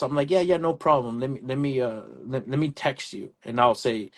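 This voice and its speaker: An electrical contractor tells a story in casual conversation, animatedly acting out both sides of a phone call. His voice is mid-range and fairly quick, with few pauses.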